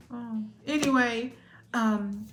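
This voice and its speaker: This woman's voice is slightly high and somewhat bright. She's a tarot reader doing a collective reading, chatty and emotional, laughing often and asking "all right?" to check in.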